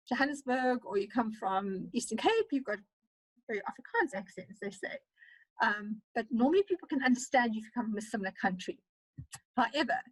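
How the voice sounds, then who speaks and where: Fast-talking South African woman lecturer. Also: fairly high pitch, husky, no echo, rough recording. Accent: South African English. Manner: fast-talking, animated, with many fillers. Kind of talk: online teaching webinar. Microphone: computer mic on a video call.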